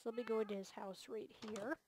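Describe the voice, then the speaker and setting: A woman with a mid-range, somewhat dark voice talks fast and steadily while touring gameplay for her multiplayer game series, gushing with enthusiasm and frequent fillers despite being tired and yawning. A little hiss or hum is audible.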